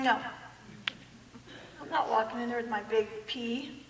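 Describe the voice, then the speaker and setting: A woman giving an animated personal testimony in a church hall, full of self-mocking humor and acted-out quotes. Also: on the high side, unhurried, distant mic, a little hiss or hum. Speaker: guest speaker. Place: large church hall with an audience. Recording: echoey hall recorded from afar.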